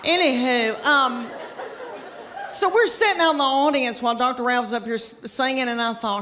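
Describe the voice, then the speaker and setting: Southern female comic, 50s, higher pitch, drawling and chatty, faint room noise from a live stage. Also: normal speed, bright, forceful tone, big-room sound, a faint crowd. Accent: Southern American. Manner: chatty, drawling, addresses the audience directly. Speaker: stand-up comedian. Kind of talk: stand-up comedy set. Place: theater stage before a live audience.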